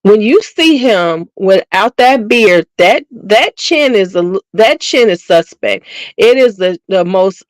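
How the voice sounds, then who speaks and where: A middle-aged woman runs her beauty channel, speaking at a slow pace with medium pitch and lots of expression. The recording is rough with no room sound, and she chats with viewers bluntly and casually, gossiping in slangy language.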